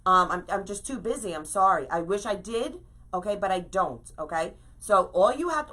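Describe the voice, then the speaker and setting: A middle-aged woman hosts a live crafting stream, her mid-range voice bright and forceful. She talks casually, rants emphatically, and often ends her lines with "okay?".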